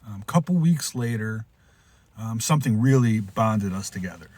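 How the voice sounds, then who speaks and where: A man hosting a podcast, telling a rambling pet story in a casual way, restarting often and jumping into loud, high voices when he quotes someone. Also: lively intonation, moderate pace, no echo. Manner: rambling, with frequent restarts and asides. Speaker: podcast host.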